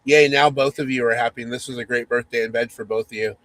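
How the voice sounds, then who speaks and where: A man's voice: mid-range voice, steady tone, fast, a bit bright, no echo, poor audio. A man hosting a podcast, reading a spoof romance story in second person with mock-sultry narration and teasing asides. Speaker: podcast host.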